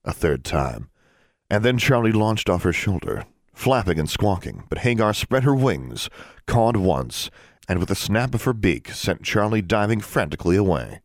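Deep-voiced man narrating an audiobook. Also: normal speed, no echo. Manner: expressive, varied delivery. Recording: dry close studio sound.

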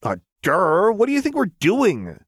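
Brief: male reader doing a high, bratty young gunner girl, indignant and sing-song. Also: wildly swooping pitch, unhurried, fairly bright tone, no echo, clean studio sound, heavily acted.

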